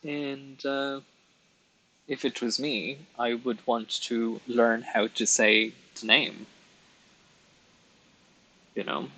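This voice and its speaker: Male streamer, chatty and self-deprecating, speaks slowly with a husky tone, mid-pitched. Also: flat delivery, pushed and bright, poor audio. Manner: chatty, rambling, laughs at himself. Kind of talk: casual chat while colouring on a live stream.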